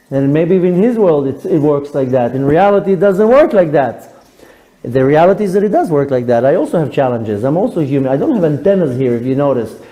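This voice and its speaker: A male rabbi giving a sermon, animated and humorous, acting out voices as he talks. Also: fairly high pitch, rough recording. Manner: animated storyteller, acts out quotes with humor.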